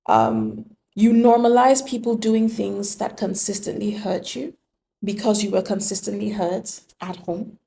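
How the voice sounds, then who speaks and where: A woman's voice: medium pitch, expressive, a little slow, vocal fry, dark tone, slight background noise. A woman giving an earnest, emphatic motivational monologue on relationships, full of rhetorical questions. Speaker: relationship speaker.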